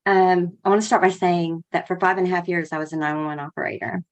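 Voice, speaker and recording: Woman, middle-aged, lower voice, emotional, holding back tears, podcast guest. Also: steady tone, quick pace. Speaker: podcast guest, former 911 operator. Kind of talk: personal account on a podcast.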